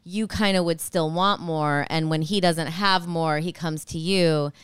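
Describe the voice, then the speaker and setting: A woman co-hosts a podcast and talks straight to a caller about her love life. Her voice is smooth and clear. It is recorded close and dry. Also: low-pitched, fairly even intonation, measured pace, no room sound. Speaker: podcast co-host. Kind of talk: casual advice chat.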